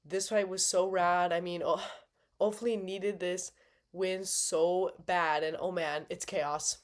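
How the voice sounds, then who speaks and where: A woman's voice: lowish voice, fairly even intonation, slow. A woman giving a casual, playful recap of a fight night, bubbly and dramatic, with slangy asides. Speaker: MMA fan reviewer.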